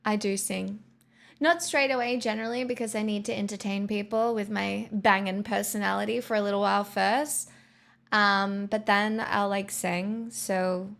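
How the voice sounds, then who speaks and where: Speaking at a moderate pace with vocal fry, this Australian woman has a mid-range, fairly bright voice and fairly even intonation. She's live streaming, rambling casually to her viewers with plenty of "like" fillers.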